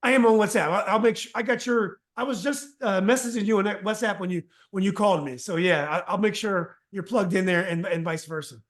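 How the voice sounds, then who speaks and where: A man hosts a relaxed podcast interview in a voice pitched well above most men's. He speaks casually and often backs up to restart a sentence as he thinks it through. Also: fairly quick, few pauses. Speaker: podcast host.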